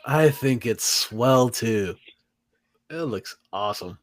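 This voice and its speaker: A man's voice: mid-range voice, animated, slow. A man co-hosting a podcast, chatting casually and enthusiastically about movie trailers, laughing often. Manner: enthusiastic, laughs often, drops to a whisper at times. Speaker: podcast co-host.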